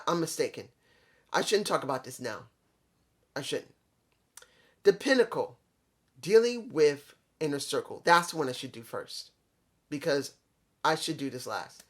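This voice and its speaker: A man reviewing a wrestling show in a casual vlog, rambling, repeating himself and talking straight to his viewers. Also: high voice.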